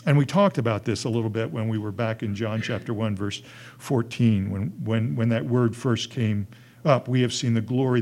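A man preaching a sermon as pastor, earnest, building to emphatic high points and dropping to soft, hushed lines. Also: moderate pace.

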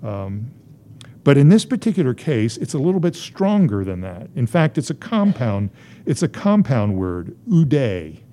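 A man's voice: medium pitch, big pitch swings, measured pace, dark tone, slight background noise. A man preaching a sermon as a pastor, driving his points home through emphatic, rising repetition.

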